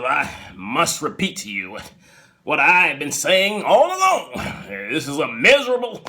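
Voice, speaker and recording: A man's voice: mid-range voice, sharp tone, full character voice. A man voicing a stern, disapproving middle-aged husband who lectures his wife indignantly.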